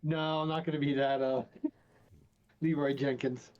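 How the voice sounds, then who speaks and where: A man's voice: medium pitch, little pitch movement, moderate pace, a little mellow. A man playing a tabletop game over a call, easygoing and a little hesitant. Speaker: player. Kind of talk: casual game chat. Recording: dull lo-fi mic.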